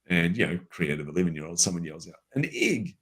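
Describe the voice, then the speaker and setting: A low-pitched man with a New Zealand accent talks fast as a guest, telling a story from his life. His conversational storytelling is lively and casual, sprinkled with everyday fillers.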